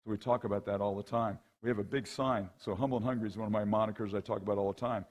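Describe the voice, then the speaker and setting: Rapid-fire and lowish in pitch, this man is a middle-aged rowing coach speaking as a guest at a men's conference. His talk is conversational storytelling, delivered with liveliness as he acts out characters and repeatedly asks "right?" and "okay?".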